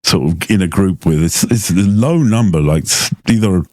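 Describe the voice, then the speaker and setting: A middle-aged man co-hosting a casual podcast, agreeable and unhurried, searching for words with many fillers. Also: low-pitched, darkish tone, dry recording, clean studio sound. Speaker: podcast co-host.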